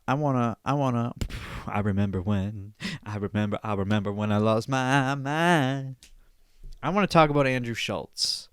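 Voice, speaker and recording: A young man with a smooth, resonant voice, recorded dry and close, hosts a podcast by himself. He rants in a loose, profane way, often repeating and restarting his thoughts. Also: mid-range voice, no room sound. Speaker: podcast host. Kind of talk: solo podcast rant.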